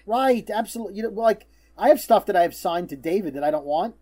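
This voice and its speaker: Mellow-voiced middle-aged man hosting a podcast. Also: high voice, animated, fast. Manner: storytelling, teasing, stumbles on fillers. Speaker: podcast host. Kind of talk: casual podcast chat.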